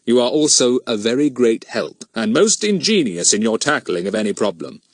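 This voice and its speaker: A man's voice: mid-range voice, big pitch swings, normal speed, dry recording, clean studio sound. A man voicing a genial, dignified middle-aged police inspector in a storybook, courteous and formal with kindly teasing.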